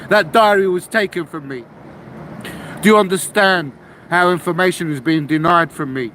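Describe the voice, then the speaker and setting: A man with a Cockney accent from London, ranting loudly and aggressively, swearing and firing off repeated rhetorical questions into a camera. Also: high voice, moderate pace, slight background noise, rough recording. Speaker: vlogger. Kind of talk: angry ranting monologue. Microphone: handheld camera.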